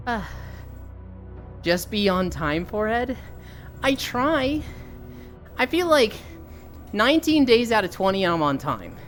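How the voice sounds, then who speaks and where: Lively young woman streamer. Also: medium pitch. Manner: animated storytelling, swears freely, reads chat aloud. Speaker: livestreamer. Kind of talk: casual chat while walking.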